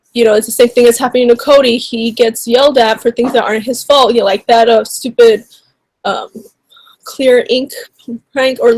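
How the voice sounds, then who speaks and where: A woman's voice: a little high, dry recording. Indignant woman vlogger, rambling. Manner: indignant, rambling, heavy on "like" and "you know". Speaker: YouTuber. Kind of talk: casual commentary vlog.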